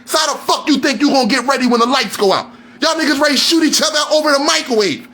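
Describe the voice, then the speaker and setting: A man on a live stream, delivering a heated, profane rant, often shouting and repeating questions at his listeners. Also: extremely high pitch, fast talker.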